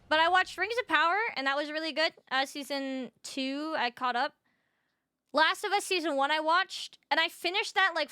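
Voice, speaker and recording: A woman's voice: sits high, pushed and bright. A young woman streaming a video game, chatting casually with her viewers, swearing freely and sounding a little tired and short on sleep. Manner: chatty, swears freely, greets chat by name.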